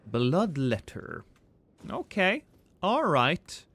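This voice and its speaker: A man's voice: mid-range voice, huge pitch swings, takes it slowly, creaky, a bit bright. A man streaming a game live, chatting with viewers in a rambling, joking, self-deprecating way.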